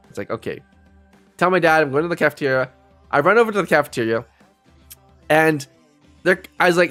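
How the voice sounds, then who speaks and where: A man's voice: mid-range voice, lively intonation, fast talker, a bit bright, soft background music. A young man casually telling a story on a live stream, rambling, restarting his sentences and laughing often.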